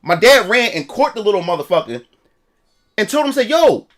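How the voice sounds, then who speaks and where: High-voiced man ranting profanely. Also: very animated, brisk, fairly bright tone. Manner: profane, repetitive storytelling. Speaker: streamer. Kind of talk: casual livestream rant.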